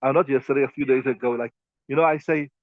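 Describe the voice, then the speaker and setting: Brisk South African man teaching. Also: mid-range voice, fairly even intonation, no echo, narrow, tinny audio. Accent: South African English. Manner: brisk, conversational, with quick Arabic recitation. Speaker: mufti teaching a hadith class. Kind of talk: hadith class lecture.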